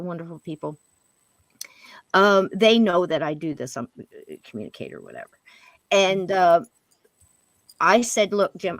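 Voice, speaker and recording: A woman telling a spirit story as a guest medium on a paranormal interview show, acting out what she and others said and dropping into a hush at times. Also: mid-range voice, no room sound. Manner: animated, quotes spirits and herself in hushed voice.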